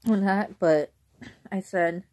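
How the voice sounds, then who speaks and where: A young woman vlogging in a casual, rambling way, who often clears her throat. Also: medium pitch, fairly even intonation, slow pace, darkish tone. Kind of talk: casual chat.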